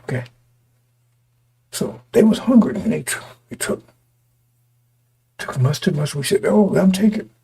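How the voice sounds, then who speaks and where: A man preaching a sermon to his congregation, his voice going hoarse, talking in repetitive, stop-start bursts and often asking listeners whether they understand. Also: sits high, expressive, normal speed, long pauses, warm tone, a little hiss or hum. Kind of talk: street-style sermon to a congregation.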